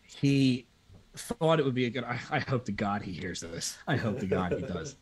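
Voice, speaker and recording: A man from Pennsylvania, a guest on a live video call talk show, telling animated, profane anecdotes in a casual way. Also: mid-range voice, moderate pace, husky. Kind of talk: casual storytelling chat.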